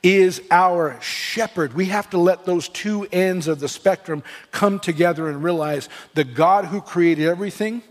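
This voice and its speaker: A man's voice: sits high, a little slow, few pauses. A man preaching a sermon as pastor, earnest, with restarts and rising emphasis. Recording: long reverb of a church hall.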